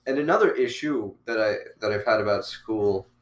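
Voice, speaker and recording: A man's voice: on the low side, expressive, normal speed. A young man in casual chat, reflective and rambling, swearing casually. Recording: roomy echo.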